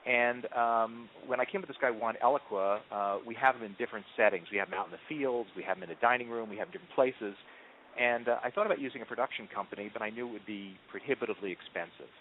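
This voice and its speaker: A man being interviewed as a marketing executive, telling stories in an animated way with frequent ums and restarts. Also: medium pitch, fast, slight background noise. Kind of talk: conversational interview answers. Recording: tinny phone-line audio.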